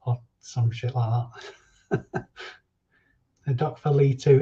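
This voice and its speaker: Jokey stream host reading chat names, mellow voice, slightly muffled home recording. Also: male voice, mid-range voice, fairly even intonation, slow pace. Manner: chatty and jokey, reading viewer names aloud. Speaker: reseller livestream host. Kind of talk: casual live-stream chat.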